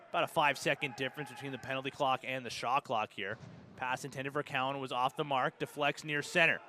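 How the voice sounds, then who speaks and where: A man with a Canadian accent calling live lacrosse play-by-play, brisk and steady, rising sharply on goals and saves. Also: a little high, clean tone. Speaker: play-by-play commentator.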